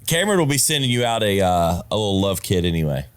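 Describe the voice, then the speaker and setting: A podcast host, a man with a very deep voice, keeps the chat easygoing and laughs often. His intonation rises and falls in a lively way. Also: fast talker, clear, resonant tone. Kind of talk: casual interview chat.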